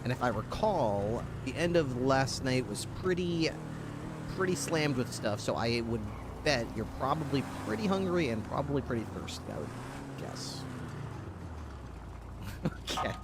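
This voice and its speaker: A man's voice: mid-range voice, sing-song, measured pace, gravelly. A man roleplaying a police dog handler, chatting to his dog in a doting, chatty way and laughing often. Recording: game ambience and vehicle noise behind.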